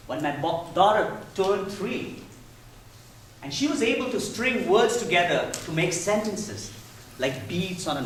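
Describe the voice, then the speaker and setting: A man in his thirties tells a story in a prepared speech, his high voice swinging lively up and down. He talks with a playful storyteller's touch. The sound is echoey and distant, with the mic set far back in a big hall. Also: a little hiss or hum. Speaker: contest speaker.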